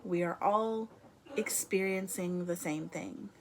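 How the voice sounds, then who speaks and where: A woman's voice: on the low side, slow pace, a little hiss or hum. A young woman chatting casually to camera from her room at home, rambling and laughing as she talks, a little out of breath. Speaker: vlogger.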